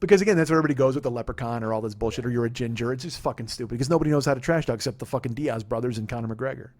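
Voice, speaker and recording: A man in his forties hosting a podcast, telling a story in a casual, profane, animated way and laughing at his own retellings. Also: mid-range voice, rapid-fire. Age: 40s. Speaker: podcast host.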